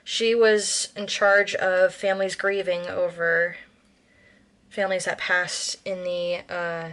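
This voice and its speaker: A woman's voice: on the low side, flat delivery, slow, fairly bright tone. An American woman chatting casually in a cooking vlog, rambling with lots of ums and self-corrections. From United States. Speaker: vlogger.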